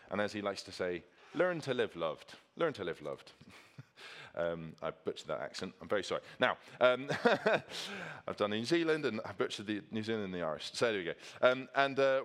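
A man's voice: lowish voice, fairly bright tone. A man preaching a sermon with slides, earnest and emphatic, repeating key phrases for stress.

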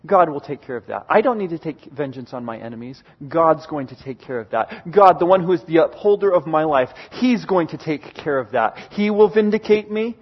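High-voiced man preaching an animated sermon. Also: breathy edge, dull audio. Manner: animated, acts out characters in quick bursts. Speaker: pastor. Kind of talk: sermon storytelling.

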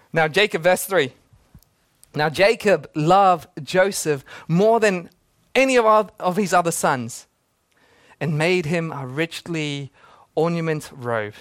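A man's voice: a little high, no room sound. A man, preaching a sermon in a casual, joking way and laughing often. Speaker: pastor.

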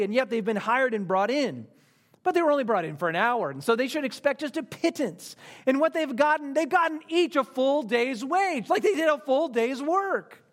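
Man, preacher, sermon, very high pitch, dramatic swings between lively and hushed.

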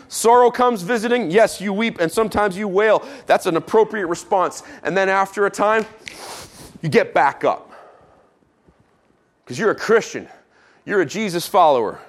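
A man preaching a sermon as pastor, who drops low and quiet for emphasis and adds playful asides.

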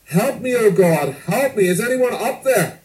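A preacher playing a terrified man clinging to a bush on a cliff, yelling desperately for help. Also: expressive, measured pace, reverberant, far from the mic. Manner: yelling desperately, high and strained. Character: panicked man hanging from a cliff.

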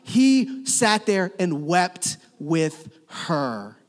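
A man preaching a sermon as a pastor, swinging between loud emphatic lines and hushed, slow ones. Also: high-pitched, sing-song. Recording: long reverb of a church hall.

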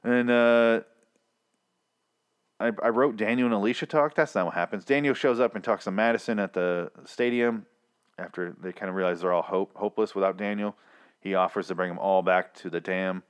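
A man's voice: fairly low pitch, fairly even intonation, normal speed, clear, resonant tone. A young man hosting a casual solo recap of a TV episode, rambling and joking, mocking the characters in put-on voices. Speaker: podcast host recapping a TV episode.

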